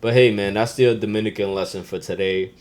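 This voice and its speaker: Male podcast host with a lowish voice, relaxed and slangy, who punches out each Spanish phrase with loud emphasis. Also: brisk. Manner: laid-back street slang. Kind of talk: casual slangy lesson.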